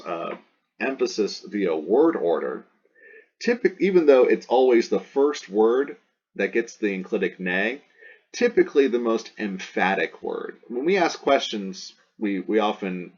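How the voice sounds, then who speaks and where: Deep-voiced patient Latin teacher, lo-fi. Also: male voice. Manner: patient, explanatory, repeats key words, stresses words for emphasis. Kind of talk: recorded classroom lecture.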